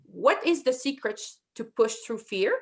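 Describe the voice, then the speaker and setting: A woman with a thick French accent, co-hosting a casual chat and telling animated, self-deprecating stories. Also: fairly high pitch, a little slow. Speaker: podcast co-host.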